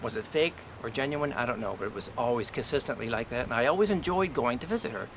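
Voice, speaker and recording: A man's voice: medium pitch, animated, fast, background noise. A man vlogging an angry personal rant, indignant and swearing freely as he vents. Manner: profane, indignant, venting.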